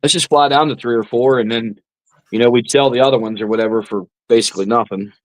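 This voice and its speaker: A man's voice: medium pitch, fairly even intonation, fast, poor audio. Easygoing man on a fan call. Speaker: fan show co-host. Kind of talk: casual chat. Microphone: video call.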